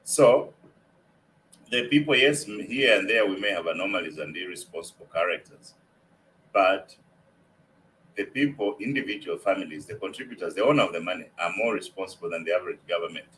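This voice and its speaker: A man's voice: deep voice, expressive, brisk, fairly bright tone, slight background noise, rough recording. A man giving policy views in a remote discussion, emphatic and fond of repeating his key points. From Zambia. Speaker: guest economist.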